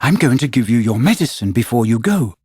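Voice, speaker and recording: A man voicing a motherly young girl who coaxes and fusses gently, in a storybook reading. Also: mid-range voice, sing-song, fairly quick, husky, no room sound, clean studio sound. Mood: pleading. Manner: gentle, coaxing, earnest.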